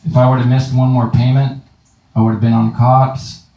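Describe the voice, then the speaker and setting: A man doing a stand-up comedy set in a club, delivering deadpan punchlines and casual crowd work. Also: mid-range voice, normal speed. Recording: roomy live room, distant mic, faint noise.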